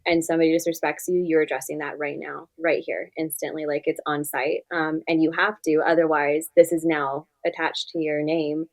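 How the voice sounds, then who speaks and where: A woman's voice: low voice, little pitch movement, moderate pace, few pauses, low-quality recording. A woman therapist talking as a podcast guest, giving direct, earnest advice and often saying "like". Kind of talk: podcast interview conversation.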